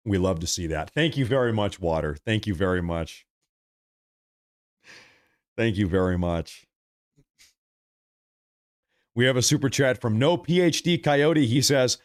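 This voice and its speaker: A man hosting a casual live stream, reading viewer super chats aloud. His pitch swings widely as he teases viewers in a mid-range voice and repeats his thank-yous over and over. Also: sing-song, normal speed. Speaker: livestream host.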